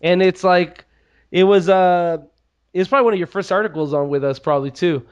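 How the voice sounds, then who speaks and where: A man's voice: sits high, fairly even intonation, brisk, clear, resonant tone, muffled recording. A young man co-hosting a casual podcast, joking and teasing his co-host.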